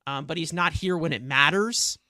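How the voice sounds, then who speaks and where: A man's voice: on the high side, moderate pace, pushed and bright, no room sound, clean studio sound. Frustrated ranting man with a New York accent. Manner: frustrated ranting, swears often. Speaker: podcast co-host. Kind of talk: heated sports reaction talk.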